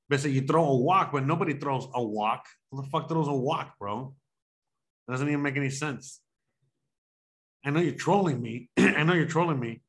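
Crude, joking man streaming a game. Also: mid-range voice. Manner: loud, crude joking banter with swearing. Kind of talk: casual gaming chat.

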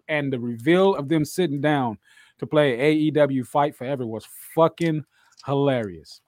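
A man's voice: on the high side, normal speed, darkish tone, no room sound, clean studio sound. A man co-hosting a casual podcast chat, swearing a lot and repeating phrases for emphasis. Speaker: podcast co-host.

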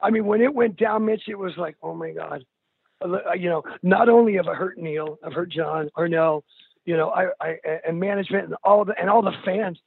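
Raspy older man on a tinny phone line. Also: high-pitched, fairly quick, dry recording. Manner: earnest, calls the host dude and bro. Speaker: interview guest, musician. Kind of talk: candid emotional interview.

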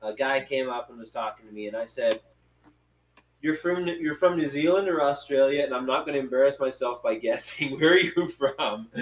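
A man's voice: mid-range voice, animated, normal speed, a bit bright, low-quality recording. A man hosting a casual podcast, talking in a rambling, hesitant way with many fillers. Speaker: podcast host.

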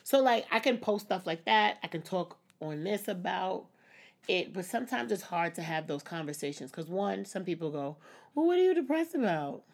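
A woman's voice: fairly low pitch, moderate pace, creaky. A woman talking openly and reflectively in a personal vlog, breaking into small laughs now and then. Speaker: vlogger. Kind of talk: candid personal vlog talk.

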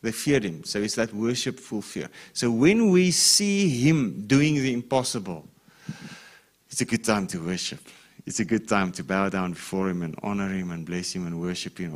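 Lowish-voiced man preaching conversationally. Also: expressive, moderate pace. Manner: conversational preaching, often checking in with "okay?"; reads scripture with rising emphasis. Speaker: pastor. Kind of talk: sermon with scripture reading.

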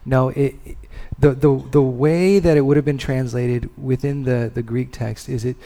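A man preaching a sermon and leading a prayer, speaking with long pauses and letting phrases fall soft and low. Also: steady tone. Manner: slow, deliberate delivery with long pauses and soft endings; rises in intensity on key words, then drops low. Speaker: pastor.

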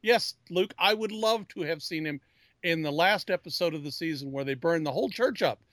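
A man with a fairly high, fairly bright voice speaks fairly quickly as co-host of a casual pop-culture chat, in studio-quality sound with no room noise. He rambles, often restarting sentences, and calls himself a geek.

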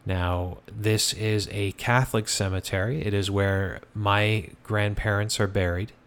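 A man hosting a show, telling a ghost story in a relaxed, conversational way with frequent fillers and restarts. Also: fairly low pitch, a little slow, smooth. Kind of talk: casual storytelling.

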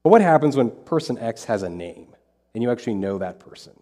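A man's voice: mid-range voice, very animated, fairly quick, warm tone. A man preaching a sermon as pastor, talking in a conversational way and repeating phrases for emphasis. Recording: long hall reverb.

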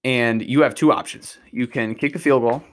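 A man's voice: mid-range voice, moderate pace. Man rambling through football analysis. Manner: rambling, restarts often, excitable about plays. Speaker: podcast host. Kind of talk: casual sports analysis.

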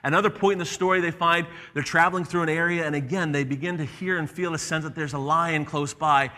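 A pastor preaches with a bright, forceful, slightly high voice, telling the story earnestly and repeating his key phrases. His words ring out with a long echo in a church hall. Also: steady tone, quick pace. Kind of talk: sermon.

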